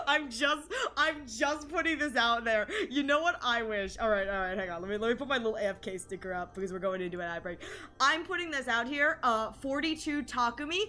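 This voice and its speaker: A woman's voice: high voice, bright, forceful tone. A young adult woman streaming from home, chatting casually with her viewers, giggling often and restarting her sentences. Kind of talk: casual live-stream chat with chat readers.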